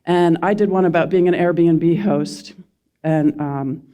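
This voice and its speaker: A woman's voice: lowish voice, slow pace, dark tone. Middle-aged woman from philly suburbs doing a talk on stage, wry self-deprecating jokes, throws questions at the crowd. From suburbs of Philadelphia. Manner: self-deprecating, quizzes the audience. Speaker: speaker at a community event. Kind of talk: public speech with humor.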